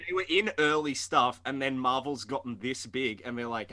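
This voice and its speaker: A man's voice: medium pitch, normal speed, crowd noise. A young man co-hosting a podcast, casual and sardonic, cursing freely. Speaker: podcast co-host. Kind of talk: casual chat.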